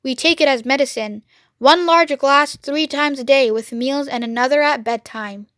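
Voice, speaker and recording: A woman voicing a gentle, kindly male badger in a storybook. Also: high voice, normal speed, no echo, clean studio sound. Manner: gentle and mild.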